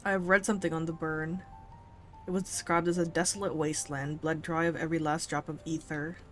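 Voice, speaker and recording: An earnest young scholar speaks in courtly, old-fashioned phrases, voiced plainly by a woman reading game text. The tone sits fairly low and unadorned. It is a calm, polite delivery with no put-on accent. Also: a little fast, faint music behind. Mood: curious. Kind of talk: reading game dialogue aloud.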